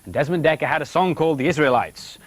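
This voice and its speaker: A man's voice: a little high, lively intonation, fast talker, dry recording. A man doing TV continuity announcing, chatty and jokey as he reads out viewer birthday messages.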